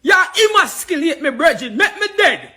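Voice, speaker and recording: A man doing a mocking imitation of a Jamaican cab driver, loud and laughing. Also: extremely high pitch, big pitch swings, normal speed, pitched above the performer's own voice, heavily acted. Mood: mock pleading. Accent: mock Jamaican. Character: man mocking a poorly voiced Jamaican cabbie.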